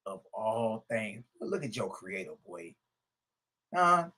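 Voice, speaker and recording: With a mid-range, husky, somewhat bright voice, a man reads scripture in a sing-song, slow way with long pauses while teaching a religious lesson. He often laughs and slips into casual commentary, asking "Hmm?" and "Huh?" over and over.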